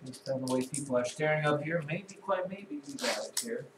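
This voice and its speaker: A man's voice: a little high, expressive, fairly quick. Dry, teasing man teaching math in an echoey classroom. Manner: dry, teasing asides to students. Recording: echoey classroom, voice from far off, clear noise.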